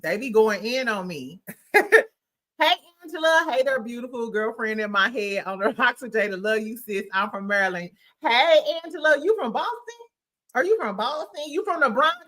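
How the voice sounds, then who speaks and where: Bubbly bright-voiced woman livestream host. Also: a little high. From St. Louis, USA. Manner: bubbly, laughs often, greets chat by name. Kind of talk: casual livestream chat.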